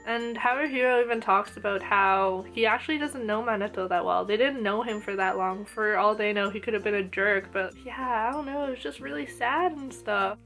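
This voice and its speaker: A woman casually reviewing an anime episode, gushing and excitable, full of "oh my gosh" and "like". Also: on the high side.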